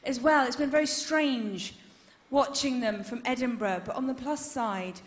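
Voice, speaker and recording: A woman performing a stand-up comedy set, telling animated stories and punching up the jokes. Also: high voice, measured pace. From England. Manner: animated storytelling, loud bursts for punchlines. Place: comedy venue stage. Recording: roomy live venue sound.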